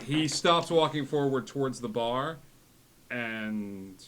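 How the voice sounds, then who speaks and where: Male GM, mid pitch, easygoing, hesitant narration. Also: slow. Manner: relaxed, frequent filler words. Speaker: game master. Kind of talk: narrating a tabletop game.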